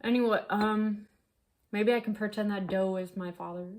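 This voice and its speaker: A woman's voice: medium pitch, fairly even intonation, normal speed, a little mellow. A woman hosting a casual comedic cooking chat at home, joking and playfully mock-dramatic. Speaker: host.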